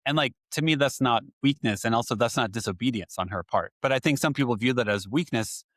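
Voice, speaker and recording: A man's voice: medium pitch, a little fast, fairly bright tone, dry recording. A man in his thirties hosting a parenting podcast, sharing stories from home candidly and reflectively. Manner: candid, reflective, frequent "like" fillers. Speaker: podcast host, father. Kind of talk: conversational podcast interview.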